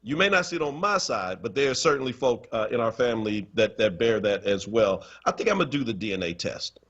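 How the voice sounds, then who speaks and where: A man's voice: medium pitch, fast talker. A man co-hosting a talk radio show, telling stories and teasing his co-host playfully. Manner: animated storyteller, playful teasing. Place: radio studio. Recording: dull lo-fi stream audio.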